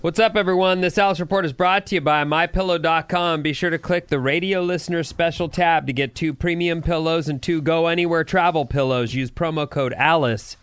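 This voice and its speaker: Smooth-voiced male morning radio host. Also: on the high side, steady tone, brisk, hardly any pauses, fairly bright tone. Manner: playful storyteller, laughs easily. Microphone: studio microphone.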